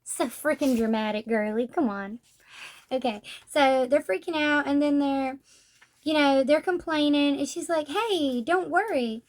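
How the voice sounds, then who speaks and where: Woman, high voice, casual book review, blunt and sarcastic, acts out quotes. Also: moderate pace. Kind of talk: casual manga review chat.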